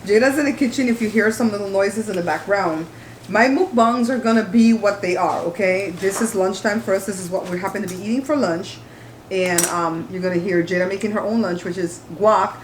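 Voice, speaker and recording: A woman's voice: mid-range voice, fairly quick, a little hiss or hum. A chatty woman hosting a casual mukbang at her home dining table, talking straight to her viewers as she eats. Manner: chatty, talkative, addresses viewers directly. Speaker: mukbang host. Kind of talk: casual chat while eating. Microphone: camera on the table. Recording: roomy room with clattering dishes.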